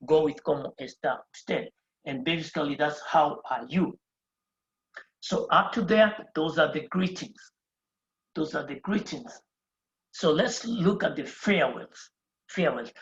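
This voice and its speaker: Female language teacher with a deep voice, patient and repetitive, dull lo-fi sound. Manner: patient, repeats key phrases, spells words slowly letter by letter. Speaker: Spanish teacher. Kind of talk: explanatory lesson.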